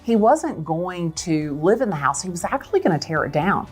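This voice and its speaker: Brief: expressive woman realtor, lowish voice, faint music behind. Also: normal speed, slightly rough. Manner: dramatic, expressive storyteller. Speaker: real estate agent. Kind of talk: animated storytelling.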